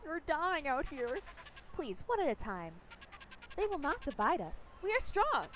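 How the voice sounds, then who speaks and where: A woman's voice: high-pitched, very animated, measured pace, fairly bright tone, a little hiss or hum, voice pushed up, exaggerated voice. A woman voicing a pompous male mayor from a video game, giving a grand rallying speech. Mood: rousing.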